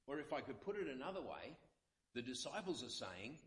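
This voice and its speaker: A man's voice: mid-range voice, animated, fairly quick, a bit bright, reverberant. A male pastor, possibly, delivering an earnest sermon with many repeated phrases. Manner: earnest, repetitive preaching with dramatic quotes.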